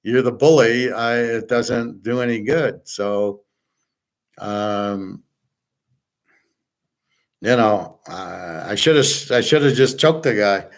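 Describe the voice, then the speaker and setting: A man's voice: on the low side, takes it slowly, pauses often. A middle-aged man hosting his own show, talking in a blunt, self-assured, rambling monologue and often repeating words as he rants. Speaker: podcast host.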